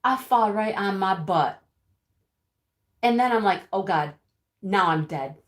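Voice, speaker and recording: A woman's voice: mid-range voice, lively intonation, slow pace. An actress playing a chatty middle-aged woman who tells viewers a dramatic rooster story in a breathless, giggling way. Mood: animated. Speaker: livestream storyteller. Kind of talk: sketch comedy monologue to viewers. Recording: roomy echo.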